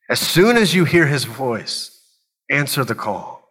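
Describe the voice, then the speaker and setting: A man's voice: mid-range voice, expressive, slow pace, pauses often, pushed and bright, breathy edge, long reverb tail, low-quality recording. A man preaching a sermon in a church, earnest and building his points with short repeated phrases. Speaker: pastor.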